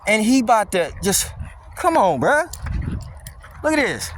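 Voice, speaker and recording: A man's voice: sits high, big pitch swings, measured pace, fairly bright tone. A man filming a casual vlog on a windy wooded walk with his dog, talking in a blunt, mocking, slangy rant. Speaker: dog vlogger. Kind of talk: casual walking vlog monologue.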